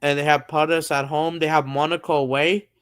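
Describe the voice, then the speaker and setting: A man's voice: on the high side, little pitch movement, fairly quick, fairly bright tone, smooth. A man hosting a live stream, chatting casually about football and thinking aloud with many fillers and restarts. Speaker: streamer host.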